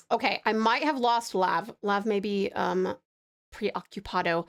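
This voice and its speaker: A woman's voice: medium pitch, a little slow, creaky. An Australian woman from Tasmania, chatting with her viewers on a live stream, bubbly and giggly, often gasping and laughing. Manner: affectionate with viewers. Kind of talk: casual live-stream chat.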